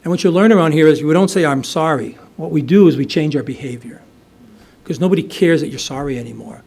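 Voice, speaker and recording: A man's voice: fairly high pitch, quick pace, vocal fry, a little mellow, slightly rough. A middle-aged man from the United States telling his recovery story at a meeting, conversational, with many fillers and restarts. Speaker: AA speaker. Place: meeting hall.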